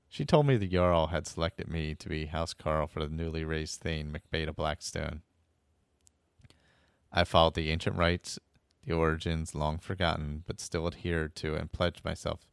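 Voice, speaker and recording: The journal of a stern young woman warrior, read in a measured, plain way by a man in a fan audio story. His voice stays very deep and smooth. The sound is close and dry. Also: no room sound.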